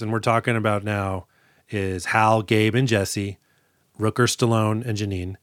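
A man's voice: on the low side, fairly even intonation, a little slow, a bit bright, no room sound. Dry-sounding joking man co-hosting a podcast. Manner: jokey, acts out movie quotes with laughs. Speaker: podcast co-host. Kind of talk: casual chat.

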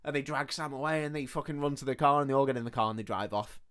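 In a clean recording, a man with a mid-range voice races through a film recap as a podcast co-host. He's sweary and animated, slipping into the characters' voices to quote their lines.

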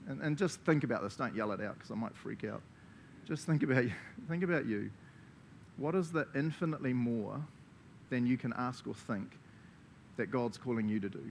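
Animated New Zealand preacher man. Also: medium pitch, normal speed, slight background noise. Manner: animated, laughing, acts out quoted voices. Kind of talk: sermon.

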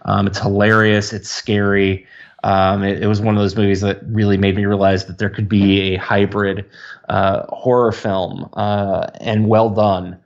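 A man talking casually as a podcast co-host, often stammering as he hunts for the right words. His voice sits on the low side and comes through dull, lo-fi audio. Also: little pitch movement, a little slow. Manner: hesitant, stammering, searching for words. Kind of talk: casual film discussion.

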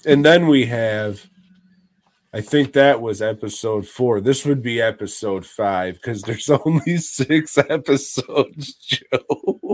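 A man's voice: on the low side, slow pace, no echo. A man co-hosting a podcast, recapping stories in a crude, rambling, casual way. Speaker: podcast co-host.

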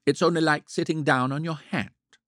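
A man's voice: fairly high pitch, fairly even intonation, moderate pace, fairly bright tone, dry recording, studio quality, pitched above the performer's own voice. A man voicing a flustered woman trying to stifle laughter, sounding half-laughing and mock-serious in a read story. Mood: amused.

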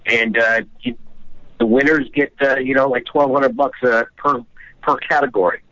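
A man's voice: mid-range voice, fairly even intonation, moderate pace, a bit bright, dry recording. Rambling man calling in by phone. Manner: rambling, with many fillers. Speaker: caller, event host. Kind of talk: phone call into a talk show. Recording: dull, lo-fi phone call.

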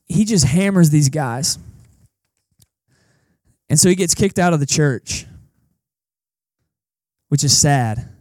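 A young man preaching a casual, animated sermon at a church service, acting out the people in the story as he goes. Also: fairly high pitch, dry recording. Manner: animated, conversational preaching with acted-out quotes. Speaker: pastor. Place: church service in a cinema auditorium.

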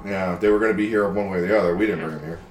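A man's voice: deep voice, steady tone, faint music behind. A man playing in a tabletop game, chatting casually and joking. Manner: joking, quick to laugh. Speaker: player. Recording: roomy echo with faint room noise.

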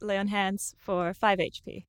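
A woman's voice: mid-range voice, level tone, measured pace, clear, resonant tone, no room sound, studio quality. A woman playing a tabletop role-playing game, talking in a casual, matter-of-fact way. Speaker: player.

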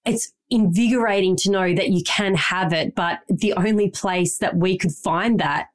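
A woman's voice: medium pitch, normal speed. A woman co-hosting a parenting podcast, talking in an enthusiastic, rambling, candid way. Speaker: podcast co-host. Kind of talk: casual chat.

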